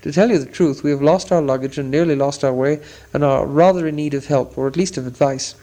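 A man reading a storybook aloud, voicing an old, courteous and wise male wizard who speaks in a measured, polite way. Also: a little high, mellow, lightly acted, low-quality recording.

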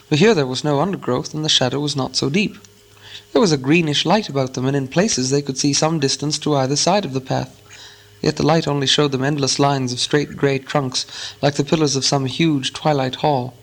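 A man reading a fantasy novel aloud as an audiobook narrator, with a measured, even storytelling delivery. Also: mid-range voice, vocal fry.

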